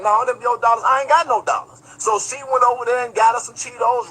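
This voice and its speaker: Man, high voice, bright edgy tone, rambling profane storytelling, livestream chat. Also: fairly even intonation, brisk, hardly any pauses, husky, poor audio. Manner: talks straight to viewers, reads chat aloud. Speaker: online commentator. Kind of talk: casual livestream commentary.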